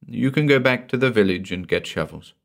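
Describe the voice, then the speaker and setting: A man's voice: mid-range voice, animated, brisk, vocal fry, voice pushed up. A man reading the part of a grieving young man who speaks bitterly and defiantly.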